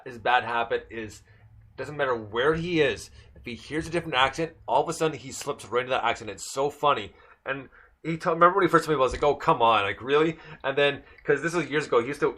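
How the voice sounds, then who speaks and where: A man's voice: medium pitch, bright, forceful tone. A man hosting a music radio show, telling stories in a loose, stammering, rambling way with lots of laughter. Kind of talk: casual radio chat.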